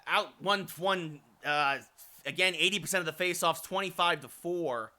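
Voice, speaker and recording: A man calling play-by-play for a hockey video game as a streamer, with excited announcer calls that build to shouts and relaxed chatty replies to viewers. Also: high voice, measured pace. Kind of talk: mock sports commentary mixed with chat replies.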